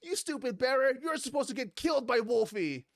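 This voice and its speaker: A man's voice: very high-pitched, animated, a little fast, gravelly, no echo, clean studio sound, pitched above the performer's own voice, exaggerated voice. A man voicing a spoiled, whining small boy in a retold game scene. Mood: bratty.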